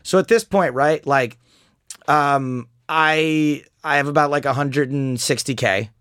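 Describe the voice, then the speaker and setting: A man's voice: on the high side, a little slow, smooth, no room sound. Man retelling a poker hand, dry sound. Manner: animated storytelling, mocks an opponent's angry chat. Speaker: poker player telling a hand story. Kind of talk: casual chat.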